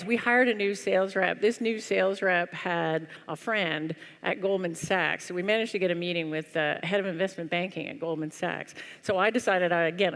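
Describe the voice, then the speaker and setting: A woman giving a humorous keynote talk on stage, telling a story in a lively, wry, self-deprecating way. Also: lowish voice, gravelly. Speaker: conference speaker. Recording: long hall reverb.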